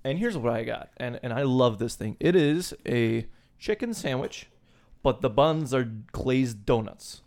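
A man co-hosting a podcast, chatting casually and throwing in quick banter and interjections. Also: medium pitch, animated, darkish tone. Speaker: podcast co-host.

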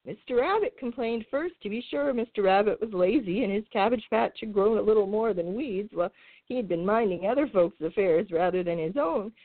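A woman host reading a children's storybook aloud in an expressive, lilting way. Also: medium pitch, a little fast, no room sound. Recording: tinny phone-like sound.

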